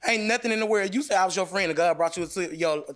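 High-voiced man defending himself. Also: rapid-fire, a bit bright. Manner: insistent, defensive, repeating himself. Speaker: defendant in a mock courtroom show. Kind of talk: heated livestream argument.

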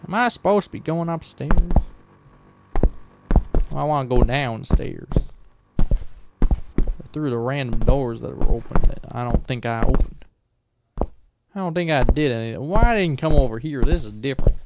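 A man voicing a folksy, rough country man during gameplay, with an uneven put-on country drawl. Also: mid-range voice, animated, moderate pace, long pauses, heavy background noise, close to an everyday voice. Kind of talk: in-character gameplay commentary.

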